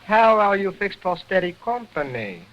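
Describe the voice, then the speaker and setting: A man's voice: high-pitched, big pitch swings, moderate pace, lo-fi sound, voice pushed up. A man voicing a small, fresh-mouthed male ventriloquist dummy in an early talkie film, with a wisecracking manner. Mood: cheeky.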